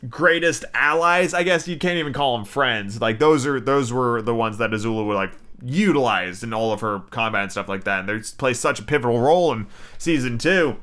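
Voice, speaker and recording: A man's voice: on the high side, bright, forceful tone. A man giving a casual, rambling show review, swearing often and filling his talk with "like.". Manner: profane, filler-heavy, frequent "like".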